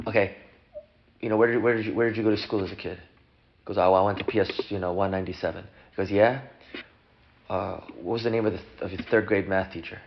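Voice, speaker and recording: A man, a rabbi, casually teaching a class and acting out the people in his story. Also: fast. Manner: animated, acts out characters with big pitch jumps. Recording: dull lo-fi room recording.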